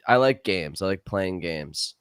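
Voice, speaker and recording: A young man co-hosting a podcast, chatting casually in an energetic, playful way. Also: low-pitched, unhurried, smooth. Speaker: podcast co-host.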